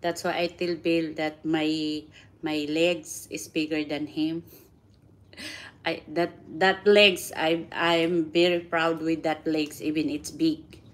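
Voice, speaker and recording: Slow-talking woman chatting on a livestream. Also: low voice, level tone. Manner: chatty, laughs often, repeats words, non-native grammar. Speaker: livestream host. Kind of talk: casual livestream chat.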